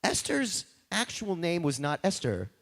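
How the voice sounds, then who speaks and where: A man, a rabbi, telling a holiday story to a family congregation in an animated, jokey, chatty way. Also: fairly high pitch, a little slow. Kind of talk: playful storytelling sermon for families. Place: large temple sanctuary. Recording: long reverb of a large hall.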